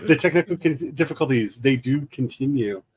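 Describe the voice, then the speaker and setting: A man's voice: mid-range voice, expressive, a little fast, breathy edge. A man hosting a live gaming stream, chatting casually and upbeat, laughing easily. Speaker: stream host. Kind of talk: casual chat. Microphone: streaming mic.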